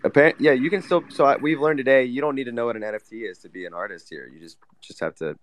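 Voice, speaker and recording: A man's voice: medium pitch, fast, slight background noise. A man hosting a casual online talk, laid-back and joking as he passes the mic to guests. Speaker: host. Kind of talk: casual chat.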